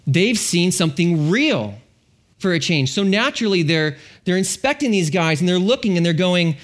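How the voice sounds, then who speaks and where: High-voiced man preaching a lively sermon. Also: normal speed. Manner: animated storytelling, acts out biblical characters. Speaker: pastor.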